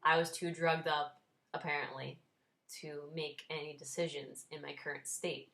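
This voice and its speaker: A woman's voice: low-pitched, fairly even intonation, moderate pace, sharp tone. A woman in her twenties telling a story in a casual vlog, wry and self-deprecating, laughing now and then as she talks. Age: 20s. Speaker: vlogger.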